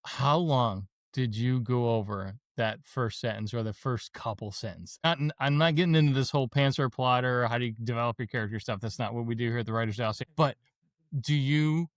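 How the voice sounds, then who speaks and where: An enthusiastic man hosting a casual podcast interview, chatting easily and calling everyone dude and folks. His voice sits at a middling pitch and comes through a dry, close studio mic with no room sound. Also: fairly quick, dry recording. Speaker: podcast host.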